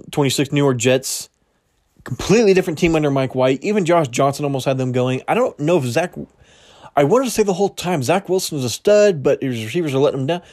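A young podcast host goes through rankings alone on his sports show, chatting loosely and wandering off track. He stumbles, corrects himself and laughs it off, his middle-range, darkish voice sounding slightly strained.

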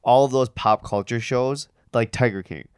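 A man's voice: medium pitch, moderate pace, clean tone, no echo, clean studio sound. A man co-hosting a podcast in casual chat, with a stuffed-up nose and a rambling manner full of fillers. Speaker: podcast co-host.

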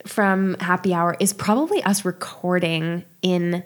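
A woman co-hosting a podcast, chatting in an animated way with frequent laughs. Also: on the low side. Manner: animated, laughs often, quick asides. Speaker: podcast co-host. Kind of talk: casual chat.

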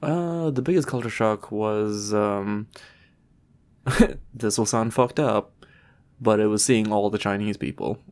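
A man's voice: fairly low pitch, slow pace, pauses often, a little mellow. A man from Trinidad, co-hosting a podcast in laid-back casual chat, swearing freely and using many fillers. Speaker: podcast co-host.

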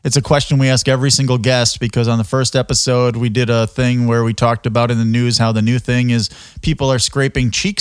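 A man's voice: mid-range voice, smooth, dry recording. A man with a mid-range voice hosting a casual interview. He rambles into his questions and laughs often. The sound is close and dry. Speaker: podcast host.

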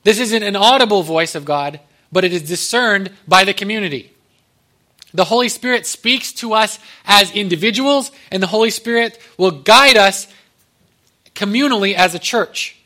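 A man's voice: sits high, normal speed, bright, forceful tone. A man pastor giving a conversational sermon, with joking asides to the congregation.

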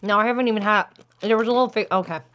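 A woman's voice: mid-range voice, very fast, muffled recording. Woman chatting with her mouth full. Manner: talks with her mouth full, laughs often. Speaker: podcast co-host. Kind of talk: casual chat while tasting snacks. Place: small studio in a black box theater.

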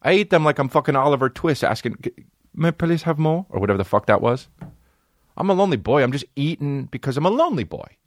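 A man's voice: medium pitch, fast talker, no echo, studio quality. A man hosting a podcast, telling a rambling comic story full of swearing and restarts. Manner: profane, animated, rambling storyteller. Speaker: podcast host. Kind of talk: comedic storytelling.

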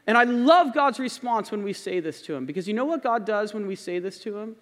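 A pastor preaching a sermon in a church, earnest and repeating key phrases for emphasis. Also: male voice, sits high, lively intonation, fairly quick, hardly any pauses, fairly bright tone. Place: church sanctuary. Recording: long hall reverb.

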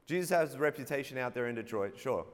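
A man's voice: medium pitch, expressive, fast talker. A man preaching a sermon, playful, calling out for the congregation to answer back and laughing at his own jokes. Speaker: pastor. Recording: long hall reverb.

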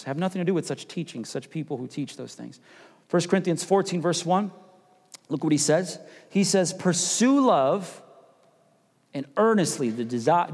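Pastor preaching in a reverberant hall. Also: male voice, on the high side. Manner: conversational, swings from loud urgent preaching to hushed near-whisper. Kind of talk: sermon.

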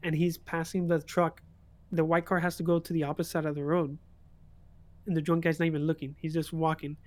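A man's voice: a little high, little pitch movement, a little fast. A young man streaming, telling a story in casual chat and laughing often.

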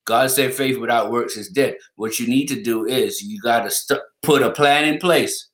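A middle-aged man chats casually as a podcast co-host, unhurried and easygoing. He often breaks into laughter as he tells a story. His voice rings a little in a roomy space, at an ordinary pitch for a man. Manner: laid-back storyteller who laughs through his anecdotes. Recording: roomy echo.

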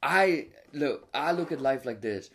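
A man's voice: medium pitch, lively intonation, measured pace, gravelly. A man from Maryland, a cook appearing as a podcast guest, ranting in a fired-up way with lots of swearing and stumbling restarts. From Maryland, USA. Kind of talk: casual podcast chat.

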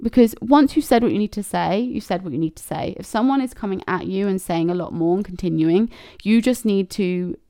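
A woman's voice: mid-range voice, fairly quick, mellow, no echo, studio quality. A woman hosting a casual advice monologue, candid and blunt, swearing freely and acting out quoted messages. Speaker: podcast host.

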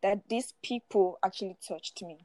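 A woman's voice: mid-range voice, moderate pace, darkish tone, no echo. A woman in her forties sharing her personal testimony as a guest, often laughing through it and repeating words as she goes. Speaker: guest speaker.

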